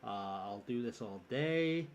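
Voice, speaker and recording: A low, laid-back American drawl, put on by a man as a joke. It sits several steps below his own voice and stays soft and quiet. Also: lively intonation, a little slow, muffled recording, slight background noise. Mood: teasing.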